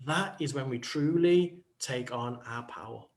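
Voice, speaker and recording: A man's voice: medium pitch, unhurried. A man who works as a coach, talking on a panel show in a reflective, playful way and acting out quotes. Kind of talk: panel talk show chat.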